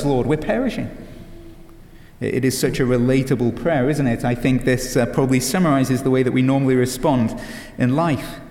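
A man's voice: mid-range voice, a little mellow. Pastor, male, earnest sermon delivery with filler "uh"s, in a roomy hall with long reverb. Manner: earnest, many "uh" fillers and restarts, rhetorical questions.

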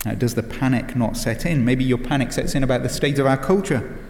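A man's voice: medium pitch, brisk, darkish tone, slight background noise. A man preaching a sermon in an earnest way, with many "uh" fillers and rhetorical questions. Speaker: pastor. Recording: echoey hall with long reverb.

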